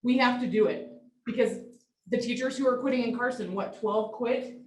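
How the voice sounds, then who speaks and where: A woman's voice: on the high side, moderate pace, darkish tone. A woman, a parent on the verge of crying, giving an emotional, pleading public comment. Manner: emotional, near tears, pleading. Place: large meeting hall. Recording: echoey hall, distant mic.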